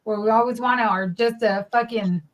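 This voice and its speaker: A woman's voice: on the high side, fairly even intonation, fairly quick, low-quality recording. A woman hosting a casual podcast chat, blunt and swearing freely as she acts out quoted dialogue. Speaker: podcast host.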